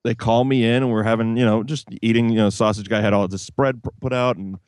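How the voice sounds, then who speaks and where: A man co-hosting a casual podcast, spinning laid-back stories and chuckling along with his friends. His voice sits on the low side and sounds close and dry, with no room around it. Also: fairly even intonation, fast, clean tone, dry recording. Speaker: podcast co-host.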